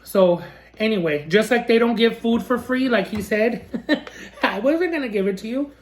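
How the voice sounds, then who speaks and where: A woman's voice: on the high side, animated, normal speed, a little mellow. A woman food vlogger talking casually to camera in a sassy, ranting way and laughing often. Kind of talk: casual mukbang vlog chat.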